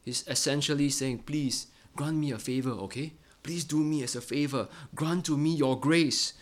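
A man's voice: fairly high pitch, normal speed. Earnest preacher man, keeps asking "right?". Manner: earnest, ends many phrases with a tag question "right?". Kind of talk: Bible-study sermon.

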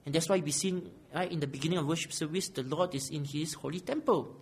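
Guy preaching a bible sermon, high husky voice, keeps going "right?" at the crowd. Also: fast. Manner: questioning, often asks "right?"; emphatic, swells on key phrases. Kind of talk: expository sermon. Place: small room used as a church sanctuary.

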